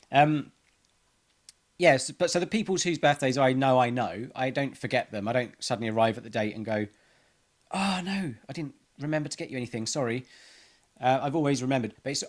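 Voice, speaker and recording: Man, vlogger, casual rambling monologue, frequent ums, mid-pitched voice. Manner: rambling, many ums and restarts.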